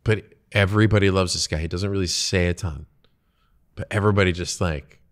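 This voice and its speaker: A man's voice: sits low, fairly even intonation, brisk. A man hosting a podcast, talking casually about work and the people he works with, trailing off and restarting his thoughts as he goes. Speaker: podcast host. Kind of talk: casual conversation.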